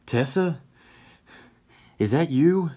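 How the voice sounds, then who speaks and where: A man's voice: lowish voice, measured pace, voice pushed up, close to an everyday voice. A man doing a pleading young cowboy. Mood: confused. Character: young cowboy, earnest and peaceable.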